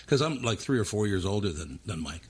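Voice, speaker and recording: A man's voice: lowish voice, big pitch swings, brisk, slightly rough. A man hosting a casual podcast, rambling through a story and laughing often. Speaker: host. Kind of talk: casual chat.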